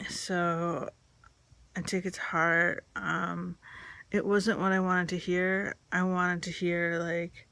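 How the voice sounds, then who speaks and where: A woman's voice: fairly low pitch, little pitch movement, very slow, gravelly, pauses often, pushed and bright, no room sound. A woman telling a candid personal story, rambling and filled with "like" and "um".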